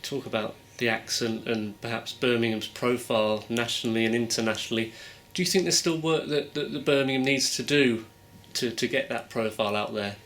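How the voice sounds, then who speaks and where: A man's voice: medium pitch, steady tone, fairly quick, hardly any pauses, fairly bright tone, a little hiss or hum. A man interviewing a guest, asking chatty, leading questions with tag endings.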